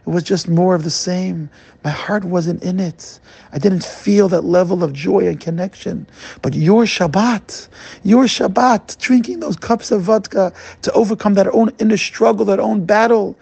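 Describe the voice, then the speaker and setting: A man voicing a tender, gentle old rabbi. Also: high-pitched, moderate pace, vocal fry, slightly rough, no room sound, exaggerated voice. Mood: moved. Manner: tender, heartfelt. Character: gentle older male rabbi, deeply moved.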